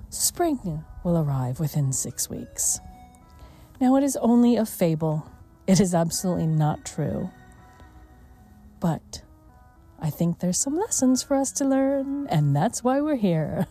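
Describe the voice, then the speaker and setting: A woman hosting a mindfulness talk, speaking gently and unhurriedly, sometimes dropping to a hush. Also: medium pitch, sing-song, slightly rough, faint music behind. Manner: gentle and unhurried, with soft laughs and hushed moments. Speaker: mindfulness podcast host. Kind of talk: slow reflective mindfulness talk.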